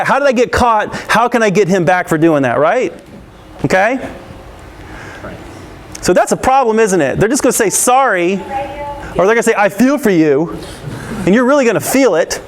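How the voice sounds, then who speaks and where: High-voiced man quizzing a student audience. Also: expressive, moderate pace, long pauses. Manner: engaging, peppers the audience with questions; laughs often and acts out scenes. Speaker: school counselor giving an anti-bullying talk. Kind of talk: interactive talk to students.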